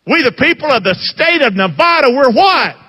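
A high-voiced man preaching with a bright, forceful edge, leaning on call-and-response questions. His voice rings out in a hall with a long reverb tail. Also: very animated, moderate pace. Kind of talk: sermon.

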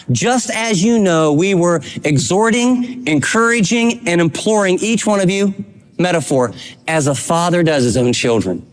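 A man preaching a sermon as pastor, reading scripture and urging his listeners with emphatic, fatherly exhortation. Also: a little high.

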